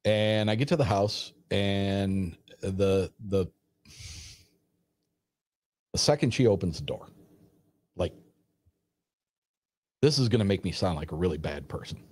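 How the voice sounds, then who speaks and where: A man casually retelling a personal story in a rambling, animated way, acting out the dialogue as he goes. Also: deep voice, a little slow, pauses often, dry recording, studio quality. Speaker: storyteller guest.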